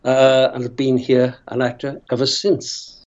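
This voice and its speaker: A man's voice: mid-range voice, monotone, measured pace, a little mellow, muffled recording. A man in his sixties from Northern Ireland, an actor guest telling rambling stories in a casual interview and laughing often. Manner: chatty, rambling storyteller who laughs often.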